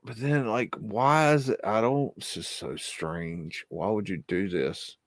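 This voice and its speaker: A man's voice: lowish voice, a little slow, no echo, clean studio sound. A man hosting a live show, talking through archive photos in a hesitant, rambling way, often muttering exclamations and swearing when something spooks him. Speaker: livestream host.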